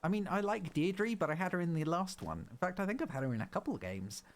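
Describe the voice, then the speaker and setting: A male streamer giving casual commentary on his own game, chatty and rambling, often cutting himself off mid-thought. His voice is animated, swinging up and down a lot. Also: high voice, fast talker. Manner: chatty, rambling, self-interrupting.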